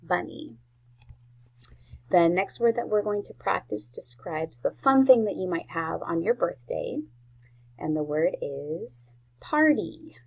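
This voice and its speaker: A woman teaching a spelling lesson to young children, slowly sounding out each word. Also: on the low side, expressive, poor audio. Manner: slow, clear sounding-out of words. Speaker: first grade teacher.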